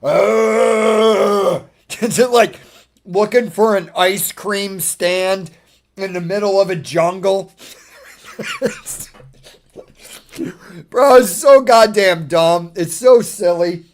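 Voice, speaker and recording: A man's voice: high voice, drawn-out words, pauses often. A man talking casually as a streamer, ranting in a profane, exasperated way and laughing often.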